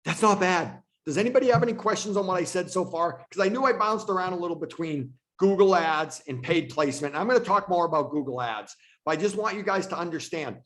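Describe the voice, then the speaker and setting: A man's voice: high voice, expressive, brisk, a bit bright. A man who leads a real estate team, teaching agents on a video call in a casual way and repeating himself for emphasis. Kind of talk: online training presentation.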